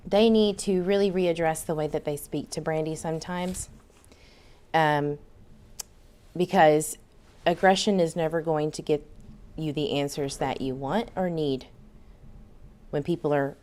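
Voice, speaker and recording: Woman podcast host, low voice, frank and blunt, casual delivery. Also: a little mellow. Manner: frank, blunt, occasional swearing. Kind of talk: casual commentary.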